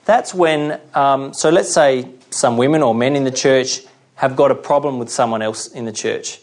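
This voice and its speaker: A man preaches a sermon in a chatty, middle-pitched voice. He slows down for scripture readings and keeps checking in with his listeners. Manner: conversational, checks in with "okay?"; reads scripture slowly.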